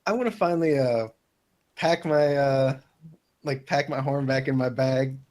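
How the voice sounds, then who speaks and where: A man playing a tabletop game, talking in an easygoing, halting way. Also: medium pitch, darkish tone. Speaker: player. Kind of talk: tabletop role-play.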